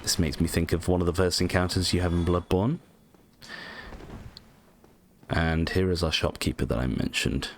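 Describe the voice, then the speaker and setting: Deep-voiced man chatting over gameplay. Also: fairly even intonation, brisk, a little hiss or hum. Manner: rambling, lots of ums, casual swearing, self-mocking. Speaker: gaming channel host. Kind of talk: casual let's-play commentary.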